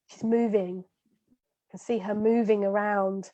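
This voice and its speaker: A woman's voice: mid-range voice, fairly even intonation, takes it slowly, mellow, dull audio. A chatty woman with a slight Kent accent, a guest on a live video-call interview, talking straight to her viewers. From Kent, England. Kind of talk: casual live-stream chat.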